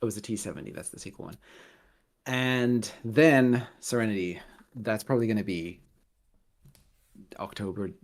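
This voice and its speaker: A fairly low-voiced man talks casually as a guest on a video call. He rambles, restarts his sentences and breaks into laughter often. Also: moderate pace, long pauses. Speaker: guest, Lego builder. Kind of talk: casual interview chat.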